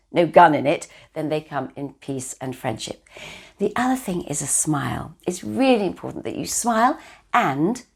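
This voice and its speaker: An older woman talks gently and encouragingly to children about good manners. Her voice sits low with a slightly husky edge, and her pitch swings lively up and down as she teaches. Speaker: etiquette teacher. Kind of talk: children's etiquette lesson video.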